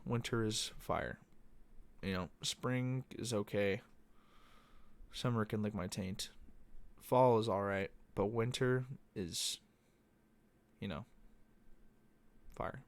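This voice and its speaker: A man's voice: on the low side, slow, long pauses, no room sound. A young man hosting a podcast, talking casually in a loose, profane, meandering monologue. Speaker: podcast host. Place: Arizona.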